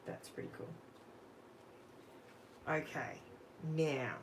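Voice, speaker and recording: Slow-talking Australian woman crafting live. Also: lowish voice, big pitch swings, a little hiss or hum, poor audio. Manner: chatty, talks to viewers while working. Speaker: crafting livestream host. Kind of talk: casual live crafting chat.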